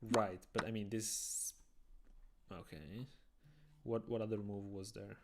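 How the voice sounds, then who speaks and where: A tired young man from Italian-speaking Switzerland, a native Italian speaker, chatting casually and quietly on a chess live stream. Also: lowish voice, steady tone, slow pace. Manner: talks quietly so as not to wake someone.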